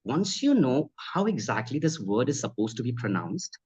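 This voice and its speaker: Speaking at a moderate pace, this earnest man has a medium-pitched, darkish, slightly rough voice and is very animated. He trains people in spoken English and accent, has Bhojpuri as his first language, and gives advisory, conversational interview answers while repeatedly saying "ma'am." The audio is lo-fi and slightly dull.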